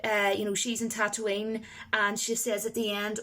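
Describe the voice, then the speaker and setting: A woman's voice: mid-range voice, monotone, moderate pace, bright, forceful tone. A woman giving a casual, rambling film review to camera. She talks emphatically and uses a lot of fillers.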